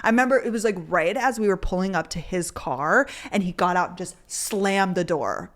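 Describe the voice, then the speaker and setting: A woman's voice: lowish voice, animated, normal speed. A young woman hosting a podcast, telling a personal story in a candid, chatty way and swearing freely. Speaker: podcast host. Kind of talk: casual storytelling.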